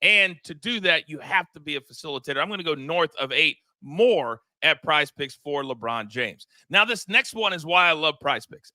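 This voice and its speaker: An energetic man hosts a sports betting panel. His voice is piercingly bright and a little high. It sounds close and dry, with the room barely heard. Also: no echo. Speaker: host. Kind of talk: sports betting show chat.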